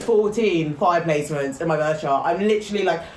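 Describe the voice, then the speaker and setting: A woman hosts a podcast in relaxed conversation, bubbling with enthusiasm and laughing often between filler-heavy phrases. Her voice carries a noticeable room echo, with a faint hiss of noise underneath. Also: fairly low pitch, a little fast. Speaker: podcast host. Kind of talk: casual chat.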